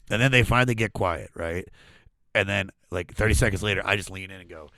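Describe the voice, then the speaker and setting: Male comedian guest, casual podcast storyteller, lively, does voices, dry close mic. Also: on the low side, moderate pace, no echo. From Washington D.C. area. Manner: animated storyteller, acts out voices, frequent laughs.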